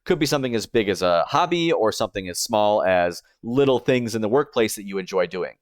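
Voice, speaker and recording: A young man who is a streamer and YouTuber narrates a scripted video essay, explaining things step by step in an animated, brisk manner. His voice sits slightly low with a clean tone, and the dry, close recording has no room sound.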